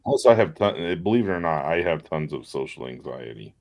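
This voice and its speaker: A man with a deep voice, a pastor chatting casually and laughing easily while crafting on a live show. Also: brisk. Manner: relaxed, laughs often, self-deprecating.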